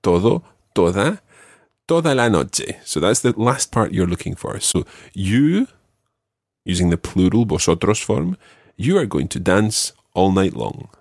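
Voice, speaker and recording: A man teaching a language lesson, patiently quizzing a student and repeating each phrase clearly. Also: low voice, sing-song, unhurried, no room sound, studio quality. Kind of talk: guiding a student through a spoken quiz.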